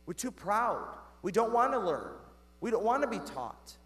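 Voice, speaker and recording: A man's voice: high-pitched, very animated, normal speed, fairly bright tone. A man giving a Catholic sermon in a conversational way, talking straight to the congregation and asking them questions. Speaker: Catholic priest. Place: church. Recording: long church reverb.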